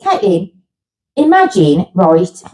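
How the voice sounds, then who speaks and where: A woman's voice: fairly low pitch, sing-song, takes it slowly, dark tone, a little hiss or hum, rough recording. A middle-aged woman, co-hosting a podcast and gushing through a story in casual chat. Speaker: podcast co-host.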